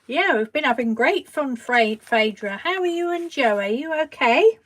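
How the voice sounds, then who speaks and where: A woman hosting a craft live stream. She chats casually, greets viewers and answers them from the live chat, and reassures them gently, often trailing off mid-sentence and starting over. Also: high voice, expressive, normal speed.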